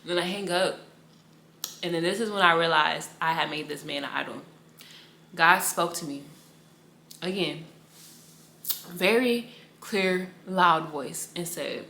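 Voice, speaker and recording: A woman's voice: lowish voice, a little slow, pauses often, bright, forceful tone, roomy sound, slight background noise. Young woman rambling through a faith testimony. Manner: casual, rambling storytelling with slang and repetition. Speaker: Bible study teacher.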